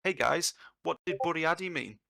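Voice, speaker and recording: Gravelly bright-voiced man telling jokes. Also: a little high, unhurried. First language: English. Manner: jokey, animated storytelling. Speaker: guest Welsh teacher. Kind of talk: casual live chat. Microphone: online call audio.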